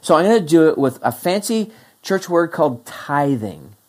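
A pastor preaching a sermon in a lively, conversational way, with a mid-pitched voice. Emphatic points rise high, then the voice drops to quiet, low asides. Between points the pastor acts out what the listeners are thinking. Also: moderate pace.

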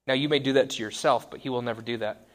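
A man's voice: mid-range voice, fairly even intonation, fast. A man in his thirties giving a conversational sermon, wry and self-deprecating. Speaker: pastor.

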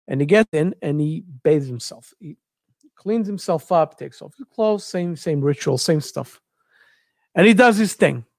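High-voiced man retelling a story. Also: measured pace, no room sound, studio quality. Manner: searches for words, repeats phrases, animated retelling. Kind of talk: casual storytelling.

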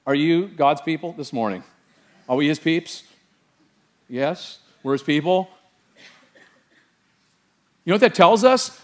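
High-voiced pastor preaching a lively sermon. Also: male voice, unhurried, long pauses. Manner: animated, quizzes the congregation with rhetorical questions.

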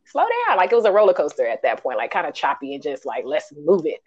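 A woman co-hosting a podcast, reviewing a film in casual chat, animated and ranting, acting out quotes in high voices. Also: quick pace, muffled recording, a crowd in the background. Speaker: podcast co-host.

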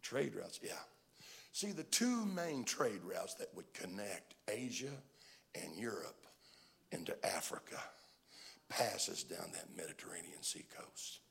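A male pastor preaching a sermon, telling stories and swinging from hushed asides to shouts. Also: low voice, very animated, a little slow, gravelly.

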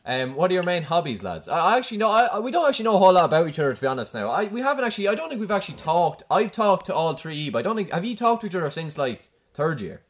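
A man's voice: high voice, sing-song, very fast, hardly any pauses. A young Irish man hosting a casual chat with friends over a video call, swearing and laughing often. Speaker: host.

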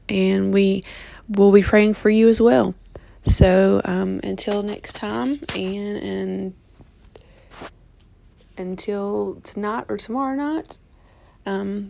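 A sleepy woman gives a casual update from home, her speech halting and full of ums and restarts. Her voice is gravelly and fairly flat in tone. The recording is close and dry. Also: mid-range voice, no room sound. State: just woke up, yawning. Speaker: vlogger giving a pet health update.

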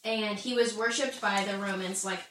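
A woman's voice: mid-range voice, steady tone, normal speed, a bit bright, distant mic. A woman explaining history in a casual Bible discussion, chatty, laughing often and saying "like" a lot. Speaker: Bible study co-host. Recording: echoey room, off-mic, faint noise.

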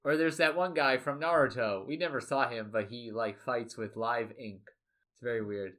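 A man's voice: medium pitch, fairly bright tone. A young man casually improvising a silly story with a friend, rambling and restarting his sentences. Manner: rambling, restarts, quick asides.

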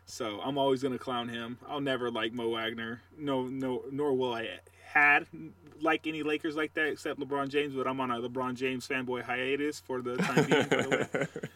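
Laid-back man telling animated stories, a bit off-mic. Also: mid-range voice, normal speed, distant mic. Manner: animated storyteller, trash-talking humor. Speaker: podcast co-host. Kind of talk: casual sports chat.

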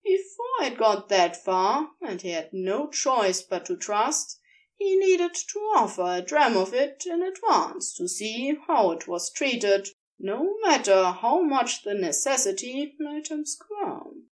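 A woman reading a story aloud, narrating slowly and expressively. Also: a little high, big pitch swings, distant mic. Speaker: podfic reader.

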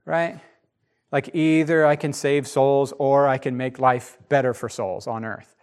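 A man teaching the Bible in a casual podcast chat, animated and emphatic, with frequent restarts. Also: medium pitch, measured pace.

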